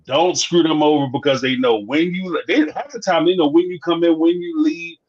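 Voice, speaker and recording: A man with a somewhat high voice speaks at a normal pace, animatedly telling office stories, acting out the dialogue and laughing often. He hosts a live reality TV review show, and this is casual live-stream chat. The lo-fi recording sounds slightly dull.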